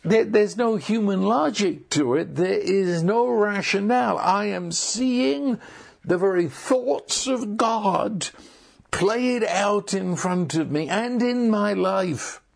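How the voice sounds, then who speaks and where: A man preaching a sermon, halting and repeating words, with sudden bursts of excited emphasis. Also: high-pitched, vocal fry.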